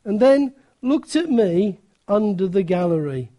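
A woman's voice: mid-range voice, very animated, measured pace, warm tone. A woman preacher reading a story aloud during a sermon and breaking off now and then for asides to the listeners.

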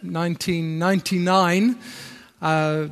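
Northern English male preacher, middle-aged, high voice, chatty asides, echoing church hall. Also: level tone, slow pace, clean tone. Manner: chatty and self-deprecating, with asides. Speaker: visiting preacher. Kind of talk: sermon. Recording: long hall reverb.

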